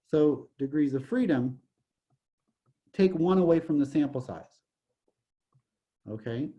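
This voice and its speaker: A man's voice: on the high side, expressive, takes it slowly, dark tone, lo-fi sound. A man teaching a college statistics lecture, joking and digressing, often saying "okay" as he explains. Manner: jokey, digressive, repeats "okay". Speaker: college math professor.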